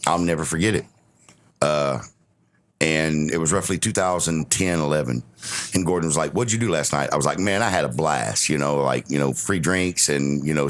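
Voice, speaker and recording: A man on a casual podcast telling a long, rambling anecdote and quoting his mentor in his own voice. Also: very deep voice. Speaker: podcast guest of honor. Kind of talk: casual storytelling.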